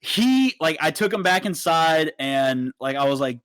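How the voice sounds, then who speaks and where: A young man co-hosting a podcast, telling a story in a casual, animated way and swearing freely. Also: on the high side, a little slow, hardly any pauses, dry recording. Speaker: podcast co-host.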